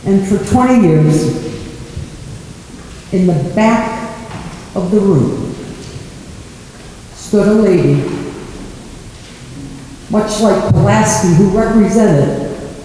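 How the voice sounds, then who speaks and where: Woman speaking slowly in an echoey hall. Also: mid-range voice, warm tone. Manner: slow, heartfelt, with long pauses. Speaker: public official giving a speech. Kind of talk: ceremonial speech. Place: large indoor hall. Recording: echoey hall, faint background noise.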